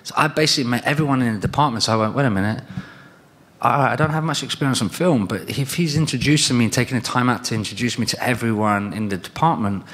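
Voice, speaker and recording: A man's voice: medium pitch, fast talker, a bit bright. A British man in his thirties answering fan questions on stage at a convention, telling long rambling stories and acting out the lines of other people. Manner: rambling anecdotes with acted-out quotes. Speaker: guest at a convention panel. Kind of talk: fan Q&A storytelling. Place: large convention hall with audience. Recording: long reverb of a convention hall.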